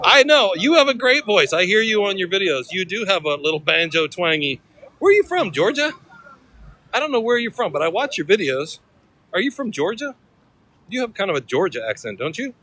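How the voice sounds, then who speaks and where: A man's voice: high voice, big pitch swings, brisk, bright, forceful tone. A man from California chatting casually and slangily on a livestream from city streets, talking into a phone. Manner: chatty, laid-back, slangy. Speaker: livestreaming vlogger. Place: outdoors in a city at night, on the street and a ferry.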